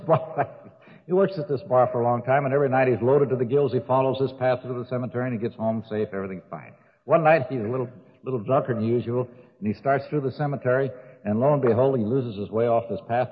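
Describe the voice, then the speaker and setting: A man's voice: mid-range voice, quick pace, breathy edge. An older man telling jokes and his drinking story in a folksy way, laughing at his own stories. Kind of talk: recovery talk with jokes. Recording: tinny old recording with long hall reverb.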